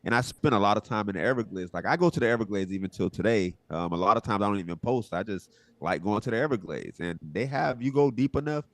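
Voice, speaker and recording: Low-voiced florida guy, dry close sound, rambling chill storyteller. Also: fast, dry recording. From Southwest Florida. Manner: relaxed, rambling, acts out quotes. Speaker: guest, social media comedian. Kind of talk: casual interview chat.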